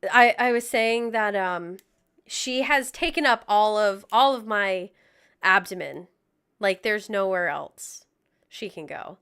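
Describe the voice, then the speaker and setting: A woman's voice: medium pitch, slow pace, a bit bright, smooth. A young woman chatting casually with her livestream viewers, out of breath, laughing often and joking at her own expense. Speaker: music streamer.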